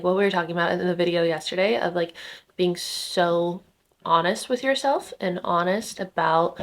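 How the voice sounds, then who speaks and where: Young woman vlogging, kinda croaky and stuffy from just waking up, says "like" a ton. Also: lowish voice. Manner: rambling, lots of "like" fillers, laughs often. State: slightly congested from just waking up. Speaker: spiritual content creator. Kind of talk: casual spiritual vlog talk. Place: rented home indoors.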